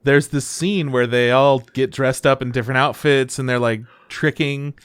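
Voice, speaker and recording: A podcast co-host chats in a laid-back manner, swearing casually along the way. His medium-pitched voice is smooth, with fairly even intonation and a moderate pace, recorded with studio quality and no echo.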